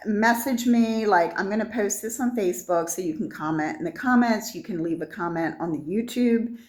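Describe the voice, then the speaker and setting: A woman's voice: fairly low pitch, echoey room. A woman in her sixties giving an impromptu, rambling sales talk in her shop, sentimental and full of fillers and restarts. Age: 60s. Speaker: seller of vintage art tiles.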